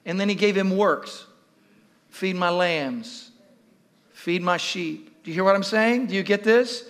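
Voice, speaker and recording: A male pastor preaching a sermon to his church, animated and repeating questions to the congregation. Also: sits high, moderate pace.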